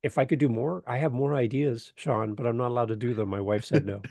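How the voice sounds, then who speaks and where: Man from Canada, gravelly voice, dry close mic, animated joking podcast guest. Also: medium pitch, fast, no room sound. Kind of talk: casual interview chat.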